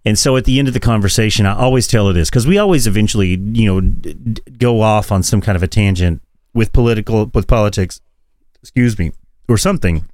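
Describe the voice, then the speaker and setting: A man co-hosting a podcast in casual political chat, profane and animated, often laughing. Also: fairly low pitch, no room sound. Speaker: podcast co-host.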